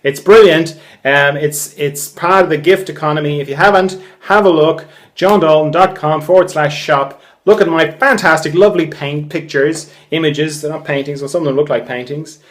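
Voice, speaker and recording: Rambling Irish podcast host, joking. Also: male voice, on the high side, moderate pace. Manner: rambling, joking, swears freely, laughs at himself. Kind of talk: casual solo podcast monologue.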